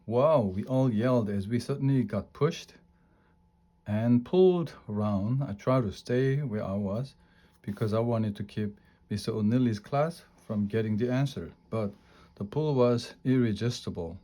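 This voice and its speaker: A man reading a children's storybook aloud in a steady, clear narrating voice. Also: on the low side, measured pace.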